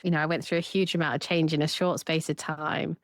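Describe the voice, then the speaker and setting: A woman, a therapist co-hosting a casual podcast chat and lively acting out her own inner voice. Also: sits low, fast, no echo, studio quality.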